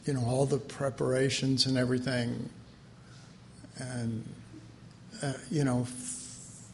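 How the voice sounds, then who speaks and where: A man's voice: mid-range voice, level tone, slow, a little mellow, a little hiss or hum. A man preaching a conversational sermon in a folksy way, laughing often and acting out the voices he quotes.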